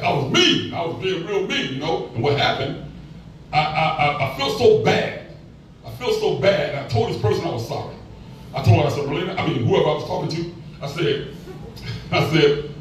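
This sermon comes from a middle-aged male pastor whose voice runs a little high, with a slight hiss or hum in the background. He engages the congregation in call-and-response and slips in playful asides, recorded from afar in a room with echo.

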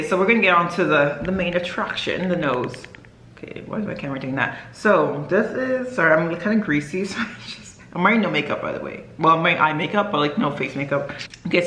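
A woman's voice: fairly low pitch, a bit bright, a little hiss or hum. Chatty young woman vlogging in echoey room. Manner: rambling, chatty, many fillers and self-corrections. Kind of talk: casual vlog chat to camera.

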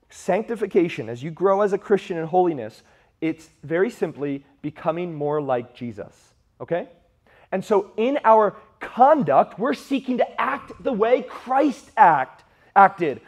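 A male preacher delivers a sermon to young men, emphatic yet conversational. His voice sits a bit higher than most men's, and he leans on rhetorical questions. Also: lively intonation, moderate pace, a little mellow. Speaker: youth preacher.

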